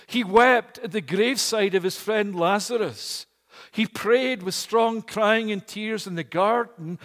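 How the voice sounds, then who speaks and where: Middle-aged pastor, male, high voice, measured emphatic sermon delivery, church hall reverb. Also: a bit bright. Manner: slow, emphatic preaching with repeated phrases.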